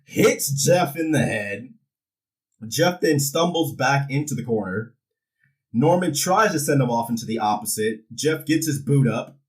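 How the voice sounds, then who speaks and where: A little slow and mid-range in pitch, this male speaker casually goes over a wrestling show, lively and joking as he performs the wrestlers' lines. The recording is low quality and made from far away.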